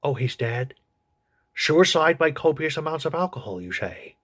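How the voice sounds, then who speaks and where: A man voicing a crude, gossipy old male politician who reviews a TV show in a comedy sketch, with a husky voice. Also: a little high, expressive, normal speed, fairly bright tone. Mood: snarky.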